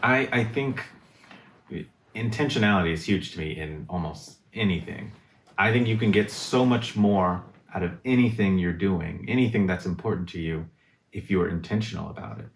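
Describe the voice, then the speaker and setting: A man appears as a guest in a casual conversation about relationships, reflecting out loud and groping for the right words. His voice is low with vocal fry, at a normal pace, and the recording has a roomy echo and slight background noise.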